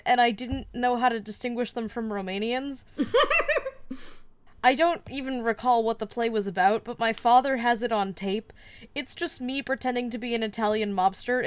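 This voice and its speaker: A woman from Canada co-hosting a podcast, joking with sarcastic quips and animated stories. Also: fairly high pitch, normal speed, no room sound. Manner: sarcastic, jokey, animated storytelling. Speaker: podcast co-host. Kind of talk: casual chat.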